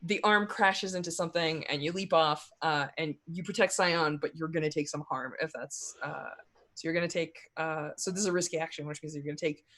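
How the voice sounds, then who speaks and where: A game master narrating a tabletop role-playing game, talking in halting bursts with frequent restarts and little laughs. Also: mid-range voice, fairly even intonation, sharp tone.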